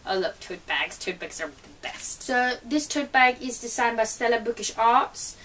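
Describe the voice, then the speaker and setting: A woman's voice: a little high, animated, normal speed, a bit bright, far from the mic, rough recording. A woman with a cold, chatting eagerly as she unboxes items at home for her channel. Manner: chatty and eager, many fillers. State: has a cold. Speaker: book vlogger. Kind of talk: casual unboxing chat.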